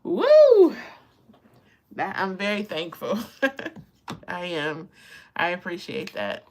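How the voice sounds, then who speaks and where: A woman's voice: lowish voice, takes it slowly, fairly bright tone. Chatty woman around fifty. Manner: chatty, emotional, laughs often, talks to viewers while applying makeup. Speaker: beauty livestream host. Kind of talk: casual live makeup chat.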